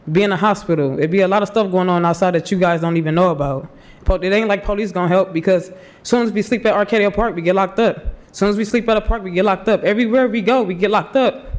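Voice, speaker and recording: A young man in his twenties speaks at a podium microphone in a city commission chamber, his voice pitched very high. He is crying and talks in a halting, nervous way, pleading with the officials. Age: 20s. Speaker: public commenter. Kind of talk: public comment at a city meeting.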